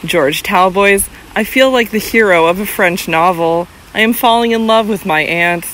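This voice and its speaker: The audiobook narrator voicing an easygoing, placidly amused young gentleman in a classic novel, with a light, unhurried delivery. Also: mid-range voice, lively intonation, slight background noise, poor audio. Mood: smitten.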